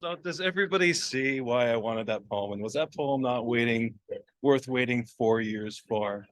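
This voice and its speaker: A man's voice: mid-range voice, moderate pace, no echo. Chatty man hosting a reading. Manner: chatty, filler-heavy, coaxing. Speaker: event organizer and magazine editor. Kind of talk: casual event announcements. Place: university library gallery reception.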